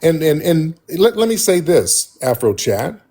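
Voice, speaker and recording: Husky, combative male livestream host. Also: on the high side, big pitch swings, unhurried, dark tone. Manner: combative, repeats pointed questions. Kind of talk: confrontational call-in debate.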